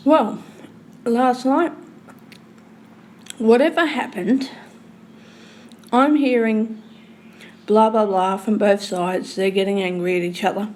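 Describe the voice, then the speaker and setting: A woman telling a long, rambling story in casual speech, swearing freely and swinging between loud and hushed. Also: mid-range voice, fairly even intonation, slow pace, long pauses.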